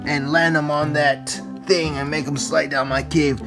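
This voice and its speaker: A man voicing a scheming villainous male dinosaur truck in a low, gruff voice. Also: flat delivery, moderate pace, over loud music, natural voice.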